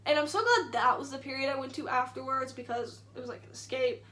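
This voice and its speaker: A woman's voice: sits high, fast talker, bright, forceful tone. A young woman telling a story to camera in a chatty, indignant way, full of "like" fillers. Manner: indignant retelling. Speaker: vlogger. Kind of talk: casual storytime.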